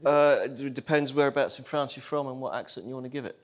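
A man who is a guest on a comedy panel, quick-witted and full of pedantic asides. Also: medium pitch, fairly even intonation. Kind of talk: quick witty banter.

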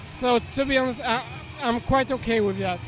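A man in a street interview at a parade, talking in a halting way with many fillers. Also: extremely high pitch, crowd noise, low-quality recording. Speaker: parade attendee. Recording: street with loud music behind. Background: music.

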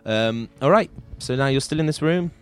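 A man's voice: mid-range voice, expressive, normal speed, smooth. A man hosting and narrating an improvised tabletop game as game master, loose and full of ums and restarts. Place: podcast studio.

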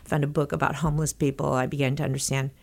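An older woman from Texas tells stories as an interview guest, her voice sitting a little low. She is lively and laughs often, and she acts out what other people said. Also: very fast, vocal fry. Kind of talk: animated storytelling in an interview.

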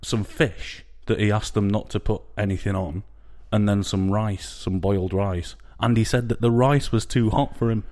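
A man's voice: on the low side, fairly even intonation, moderate pace, few pauses, darkish tone. A young man with a Sheffield accent co-hosting a casual podcast, matter-of-fact and dry as he tells stories. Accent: Sheffield English. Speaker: podcast co-host. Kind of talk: casual chat.

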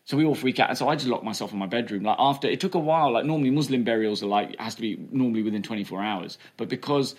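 A man, telling a candid story in an interview, talking fast and chatty, with many fillers like "right?" and "you know". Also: medium pitch. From England. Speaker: comedian guest.

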